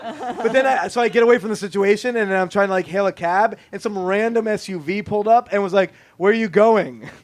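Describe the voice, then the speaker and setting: A man's voice: high-pitched, steady tone, quick pace. A man hosting a podcast live on stage, telling stories in a self-deprecating, laughing way. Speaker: podcast host.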